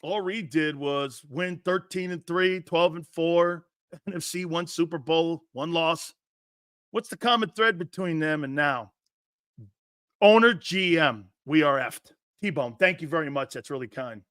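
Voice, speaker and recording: High, bright-voiced brash male sports host. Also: a little slow, smooth, no echo, studio quality. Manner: loud, mocking and profane, often breaking into shouts and laughter. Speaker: sports talk show host. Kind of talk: brash sports talk rant.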